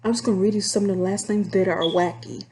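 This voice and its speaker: A young woman from Texas with a Texan accent, candidly telling stories about her call center job in a casual, animated, drawling way. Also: mid-range voice, fast, slight background noise. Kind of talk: casual storytime vlog.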